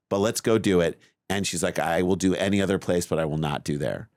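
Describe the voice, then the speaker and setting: A middle-aged man co-hosting a podcast, telling a long story in a lively, self-mocking way. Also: deep voice, fairly quick, no room sound, clean studio sound. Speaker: podcast co-host. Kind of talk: casual chat, storytelling.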